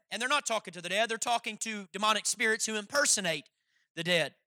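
A man preaching a sermon, with emphatic stresses that swing between loud points and quiet asides. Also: high voice, dry recording, studio quality. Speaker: pastor.

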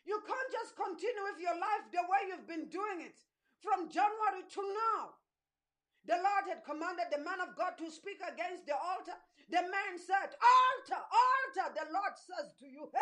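In a very high-pitched voice, a woman preaches an impassioned sermon, pressing her listeners with repeated calls and rising shouts until her voice turns hoarse.

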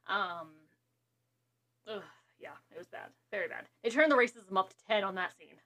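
A woman's voice: mid-range voice, expressive, sharp tone. Rambling woman podcast co-host. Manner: rambling, quick asides, laughs. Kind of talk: casual movie-watching chat.

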